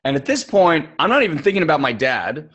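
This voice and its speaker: A young adult man co-hosting a personal development podcast, telling stories in an animated way and acting out the people he quotes. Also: fairly high pitch, fast, highs cut off. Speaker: podcast co-host.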